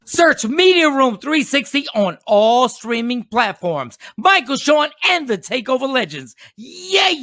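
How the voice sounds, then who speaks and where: A man hosting a radio talk show, with loud, rowdy banter and lots of laughing and shouting. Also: very high-pitched, very animated, unhurried, hardly any pauses, dry recording.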